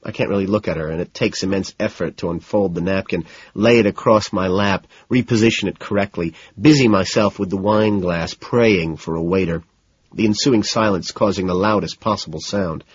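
A man narrating a novel in first person, with a measured, low-key delivery. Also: breathy edge, no echo, dull audio. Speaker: audiobook narrator.

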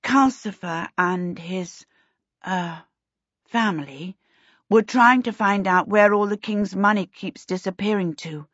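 A woman's voice: medium pitch, slow, fairly bright tone, dry recording. A woman voicing a sensible young girl who speaks plainly and earnestly. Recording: dull lo-fi recording.

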